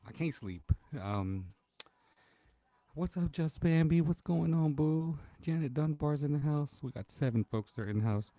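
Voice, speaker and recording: A man's voice: fairly high pitch, lively intonation, unhurried, dark tone, no room sound. A man hosting a casual late-night livestream from home, chatting in a laid-back way and greeting viewers by name. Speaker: livestream host.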